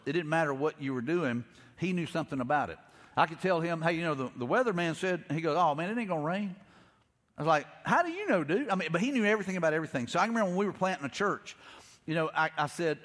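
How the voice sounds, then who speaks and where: A middle-aged man, preaching a conversational sermon, telling stories and acting out quotes with quick repeats. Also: a little high, fairly bright tone, in a large hall. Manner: storytelling, acts out quotes, frequent repeats. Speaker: pastor.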